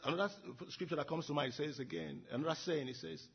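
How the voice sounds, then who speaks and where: A man's voice: a little high, quick pace, creaky, breathy edge, highs cut off. A man preaching an earnest sermon, repeating and building his phrases. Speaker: pastor.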